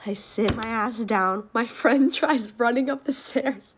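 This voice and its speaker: An eighteen-year-old woman recounts a story in a loose, casual storytime voice. She talks quickly and swears freely, laughing between lines, and her voice jumps up into shrieks when she reenacts the panicked moments. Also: a little high, husky.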